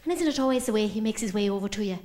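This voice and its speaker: A woman telling a brisk, mock-serious comic story to a live audience. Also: medium pitch, animated, warm tone. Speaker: comedy singer on stage.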